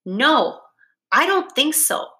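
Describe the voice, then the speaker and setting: A calm, middle-aged mother who presses her son with pointed questions, voiced by a woman reading aloud. Her tone is bright and her delivery is unhurried. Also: high-pitched, voice pushed up, exaggerated voice. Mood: probing.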